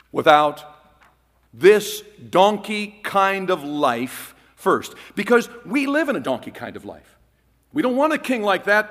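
A man preaching a sermon as pastor, emphatic, swinging from loud declarations to hushed phrases. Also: high voice, in a large hall.

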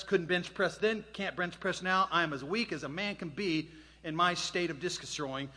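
A man's voice: high voice, sharp tone, slightly rough. A man in his sixties telling a self-deprecating story to a live audience, quizzing the crowd as he goes. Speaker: speaker. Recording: long hall reverb.

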